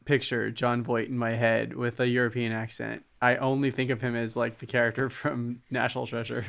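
A man's voice: mid-range voice, flat delivery, fairly quick, creaky, a bit bright. A man co-hosting a podcast in casual chat, laid-back, laughing often and using many fillers. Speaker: podcast co-host.

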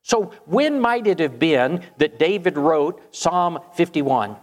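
Male preacher, raised pitch, storytelling sermon, long reverb tail. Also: lively intonation, slow pace. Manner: storytelling with rhetorical questions.

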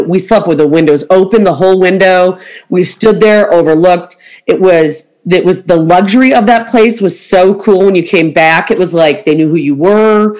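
A woman's voice: lowish voice, a little mellow. Casting: middle-aged woman, podcast host, chatty storyteller who acts out every quote. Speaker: podcast host, travel agent. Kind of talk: casual chat.

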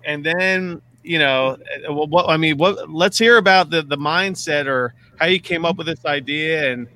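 A man rambles through a fantasy football story with a bright, forceful edge to his voice. He restarts sentences often, swears freely and laughs at himself. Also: on the high side, normal speed. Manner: rambling, self-deprecating, lots of restarts and swearing. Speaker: podcast host. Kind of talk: casual fantasy football chat.

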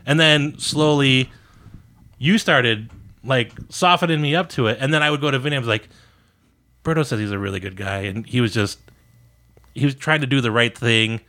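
A man co-hosting a podcast, telling a workplace anecdote in a loose, animated way. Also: mid-range voice, moderate pace. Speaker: podcast co-host. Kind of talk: casual storytelling chat.

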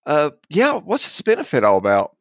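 A man's voice: fairly high pitch, wildly swooping pitch, normal speed, no room sound, studio quality. A man playing in a tabletop game, talking hesitantly and laughing easily. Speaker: player. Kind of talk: tabletop role-play chat.

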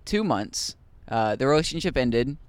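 A young American man in his twenties, a comedian telling stories as a podcast guest, halting and full of fillers. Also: medium pitch, animated, smooth, dry recording. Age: 20s. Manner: halting, many uh fillers, laughs easily. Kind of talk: casual podcast chat. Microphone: studio mic.

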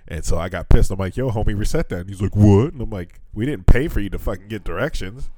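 A fairly low, slightly mellow male voice talks quickly and expressively with no room sound. The speaker is a thirty-something podcast co-host based in Fukuoka, Japan, cursing freely in casual chat and performing the voices of those he quotes.

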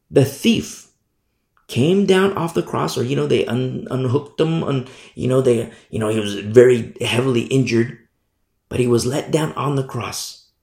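Lively gravelly man preaching, slow and emphatic. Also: mid-range voice, roomy sound. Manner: emphatic, repeats phrases, rhetorical questions. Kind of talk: sermon.

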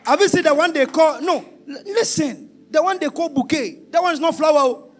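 A man preaching a sermon, shouting and half-singing, then dropping to a low confiding tone. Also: a little fast, soft background music.

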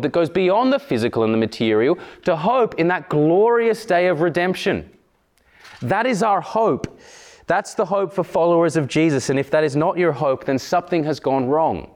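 A man preaching a sermon in a church, earnest, slowing down on emphatic phrases. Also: fairly high pitch. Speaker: pastor.

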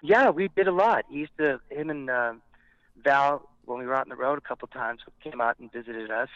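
A brisk, medium-pitched voice belongs to a Montebello, California rock frontman telling stories in a casual interview. He's animated, acts out what others said, and swears freely, on a dry, dull-sounding recording.

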